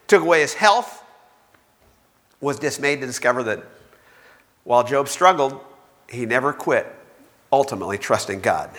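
Animated preacher man in an echoey hall. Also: medium pitch. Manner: animated storytelling, acts out quoted voices. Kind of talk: sermon.

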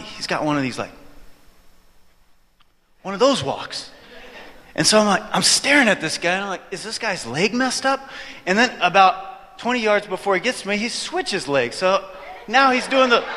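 Male preacher, storytelling sermon; high, bright, animated delivery; reverberant church hall. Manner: animated, joking with the audience. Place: church hall, before an audience.

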